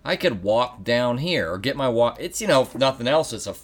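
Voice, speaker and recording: A man co-hosting a casual chat, laid-back and quick with dry quips. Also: medium pitch, expressive.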